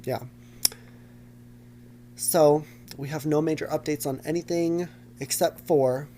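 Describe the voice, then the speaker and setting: A man's voice: fairly high pitch, fairly even intonation, slow pace, pauses often, warm tone, a little hiss or hum. A young man from the United States hosting a casual solo podcast from his basement, with a dramatic, campy, self-mocking delivery. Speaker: podcast host. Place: home basement.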